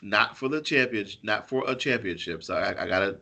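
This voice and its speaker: A man's voice: fairly low pitch, a little fast, gravelly, bright, forceful tone. A man co-hosting a casual wrestling podcast, arguing his take with a playful laugh. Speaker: podcast co-host.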